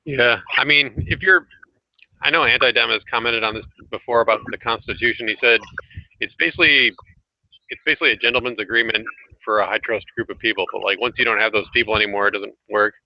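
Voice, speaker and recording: A man hosting a casual online group chat, talking hesitantly with many filler pauses over a home computer mic. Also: mid-range voice, dry recording. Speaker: host. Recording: dry, muffled lo-fi audio.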